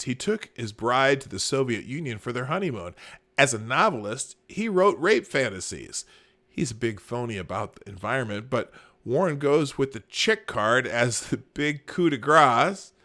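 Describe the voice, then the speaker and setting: A male podcast host riffs on the news in a casual, sarcastic way. His pitch swings widely, and his voice has a bright, forceful edge. He laughs between lines and drops to a mumble before bursting out louder. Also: very animated, normal speed. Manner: sarcastic, laughing, jumps between mumbling and loud mock outrage. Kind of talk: casual political commentary, reading headlines and tweets aloud. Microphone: camera and desk mic, live stream.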